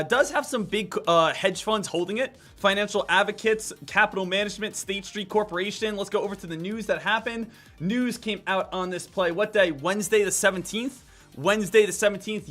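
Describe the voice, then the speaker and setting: High, bright-voiced trading streamer. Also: male voice. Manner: energetic, repetitive hammering phrases. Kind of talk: live trading commentary.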